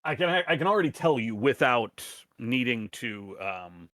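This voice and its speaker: A man's voice: medium pitch, expressive, moderate pace, a bit bright, no room sound, clean studio sound. A man acting as game master in a casual online tabletop game, narrating in a rambling way with frequent restarts.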